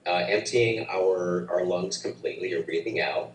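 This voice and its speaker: A man teaching a breathing practice, speaking gently and haltingly with many restarts. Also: low voice, a little hiss or hum. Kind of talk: guided breathing instruction. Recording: roomy, distant mic, faint ambience.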